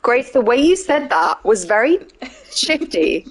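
A woman's voice: a little high, very animated, measured pace. A young woman chatting casually on a game live stream, playful, laughing often and swearing freely. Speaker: streamer playing a video game.

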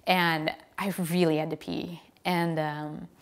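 An American woman, a professional cyclist, telling a story in a casual, animated way and acting out the lines people said to her. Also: low-pitched, takes it slowly. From United States. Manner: animated, relives the scene with quoted lines.

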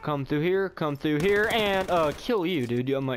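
A young man casually commenting on his own gameplay, rambling and excitable, often repeating exclamations. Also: sits high, normal speed, few pauses, a little hiss or hum. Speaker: gaming YouTuber. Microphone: headset or desk mic.

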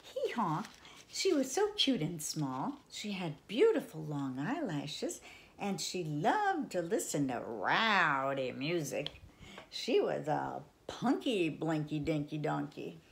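An older woman reading a picture book aloud to children, in a playful sing-song way with sudden soft whispers. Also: deep voice, big pitch swings, slow pace, vocal fry. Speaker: children's storyteller.

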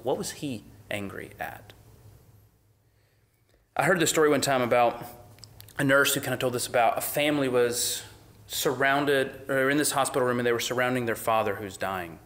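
A man preaching a sermon, shifting between loud, emphatic peaks and hushed whispers, with a conversational, casual way of talking. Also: mid-range voice, moderate pace. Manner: conversational, uses "like" often. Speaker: pastor.

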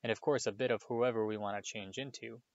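A man's voice: mid-range voice, steady tone, fast talker, no room sound, dull audio, natural voice. A man voicing an eager, nervous, bookish young schoolgirl witch who stammers a little.

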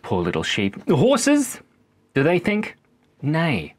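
A man's voice: sits high, wildly swooping pitch, unhurried, noisy background. A man, rambling playfully in a monologue from a backyard cubby house and slipping into animal noises. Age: 30s. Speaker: vlogger.

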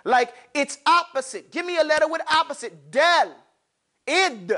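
A man runs a lively class on Arabic letters in an extremely high voice at a moderate pace. Slang asides pepper his teaching as he calls on students and both asks and answers questions.

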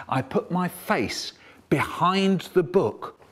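A man's voice: on the high side, big pitch swings, normal speed, a bit bright. A man telling a comic story in a theatrical style, his voice swooping up and down. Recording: edited clips from older recordings.

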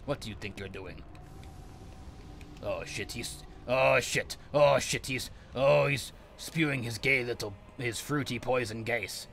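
A man's voice: medium pitch, a little slow, vocal fry, a bit bright, slight background noise. A man giving angry, profane let's play commentary, ranting at the game. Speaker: gamer.

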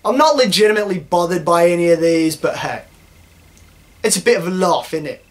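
A man's voice: high-pitched, expressive, brisk. A young man from New Zealand with a New Zealand accent, ranting sarcastically and with lots of swearing in a satirical vlog. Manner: sarcastic, profane, mock-indignant. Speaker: YouTuber.

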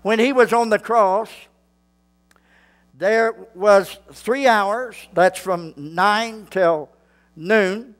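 A male pastor, preaching a sermon slowly and building to fervent shouts. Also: high-pitched.

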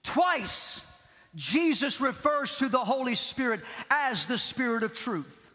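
A man preaching a Pentecostal sermon, impassioned, repeating key phrases and shouting at the peaks. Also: very high voice, very animated, takes it slowly. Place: large church hall. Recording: long hall reverb.

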